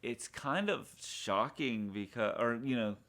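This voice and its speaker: Male podcast co-host, mid-pitched voice, rambling and filler-heavy recap, acts out lines. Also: lively intonation, measured pace, a bit bright. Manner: rambling retelling full of fillers, acting out lines from the show. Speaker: podcast co-host reviewing a TV pilot. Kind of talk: casual chat.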